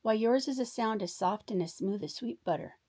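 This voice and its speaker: A woman voicing a kind young male cat in a storybook read-aloud, speaking gently and admiringly. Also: on the high side, normal speed, pitched above the performer's own voice, lightly acted.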